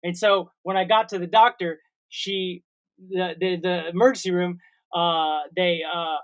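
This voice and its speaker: A man's voice: sits high, flat delivery, unhurried, a bit bright. A man in his forties, co-hosting a casual comedy podcast, telling a long rambling story with made-up sound words. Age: 40s. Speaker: co-host.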